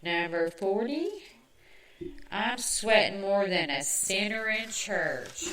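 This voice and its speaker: A woman from the American South with a Southern accent, hosting a podcast in a chatty, self-mocking way with quick asides. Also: medium pitch, lively intonation, fairly bright tone. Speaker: podcast host. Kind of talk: casual chat. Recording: echoey room, mic at a distance.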